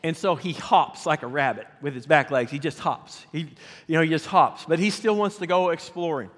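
A man preaching a storytelling sermon, animated and talking straight to his congregation. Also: on the high side, normal speed. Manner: animated, addresses the congregation directly. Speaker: pastor. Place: church sanctuary. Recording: long reverb of a church hall.

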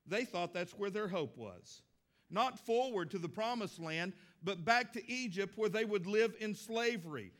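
Folksy, high-voiced middle-aged pastor. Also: male voice, lively intonation, measured pace, fairly bright tone. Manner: folksy, conversational and emphatic. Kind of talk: sermon.

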